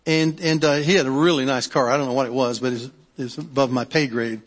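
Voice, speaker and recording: A man's voice: medium pitch, steady tone, fast talker. A middle-aged male pastor preaching a sermon in a conversational way, often repeating words and checking in with the congregation. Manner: conversational, repeats words and restarts, asks the audience. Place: church sanctuary. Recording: long hall reverb.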